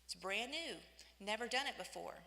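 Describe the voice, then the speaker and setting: A woman's voice: on the high side, animated, moderate pace, creaky, pushed and bright, pitched above the performer's own voice, exaggerated voice. A woman voicing her young husband in the navy, casual and offhand, in an echoey hall. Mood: puzzled.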